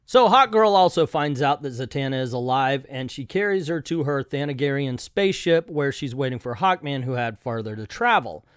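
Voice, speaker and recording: A man's voice: mid-range voice, expressive, moderate pace, hardly any pauses, clear, resonant tone, no echo, clean studio sound. A man reviewing an old comic book, reading it aloud with casual, joking, self-deprecating asides.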